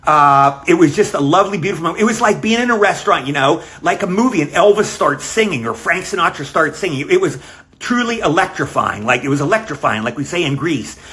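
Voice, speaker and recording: An older man with a slightly high voice records a casual video greeting. He rambles warmly through memories, circling back and restarting his sentences. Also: lively intonation, fast talker. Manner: rambling, warm storytelling with fillers. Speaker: actor sending a video greeting. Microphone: self-recorded video.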